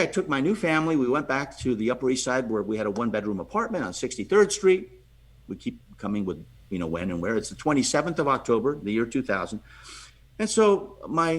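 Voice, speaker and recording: A man, a podcast guest, telling a lively story and acting out the voices of the people in it, often restarting and repeating words. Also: medium pitch, slightly rough. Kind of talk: animated storytelling.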